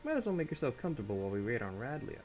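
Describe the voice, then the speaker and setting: A man's voice: medium pitch, big pitch swings, racing, darkish tone, soft background music, pitched above the performer's own voice, natural voice. A man voicing an earnest male rebel leader as he reads game dialogue aloud.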